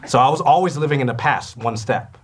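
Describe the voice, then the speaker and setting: A young adult man from Canada, an actor telling animated stories about his work and acting out the people in them. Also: mid-range voice, fairly quick, a little hiss or hum. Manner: lively storyteller who acts out quoted voices and laughs often. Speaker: actor guest.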